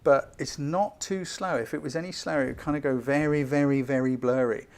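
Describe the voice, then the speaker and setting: A man giving a live-streamed photo critique as a photography tutor, chatty and enthusiastic, hurrying along with quick apologies. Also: mid-range voice, steady tone, a little mellow.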